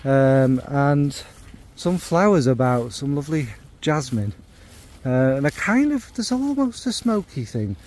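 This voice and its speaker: A man's voice: mid-range voice, mellow. Rambling man reviewing fragrances. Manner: rambling and joking, many fillers and restarts.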